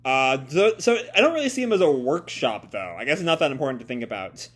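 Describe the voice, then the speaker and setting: A man's voice: medium pitch, very animated, fast. A man hosting a casual live comic reaction, thinking aloud and often rephrasing and doubling back mid-sentence. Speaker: host.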